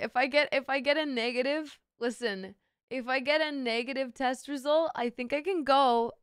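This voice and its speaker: A woman's voice: high-pitched, normal speed, smooth, no echo, studio quality. A young woman streamer with a sick, sore throat, chatting playfully with her viewers and swearing freely. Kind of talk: casual live-stream chat with viewers.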